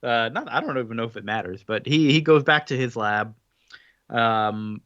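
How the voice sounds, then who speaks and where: A man's voice: medium pitch, expressive, normal speed, fairly bright tone, no echo, muffled recording. A man co-hosting a podcast, casually retelling a comic story with a rambling delivery and frequent laughs. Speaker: podcast co-host. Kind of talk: casual chat recapping a comic.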